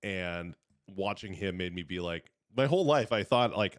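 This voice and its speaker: A young man with a low voice hosts a casual podcast chat. He rambles and corrects himself mid-sentence. The sound is dry and close. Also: lively intonation, normal speed, no echo. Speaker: podcast host.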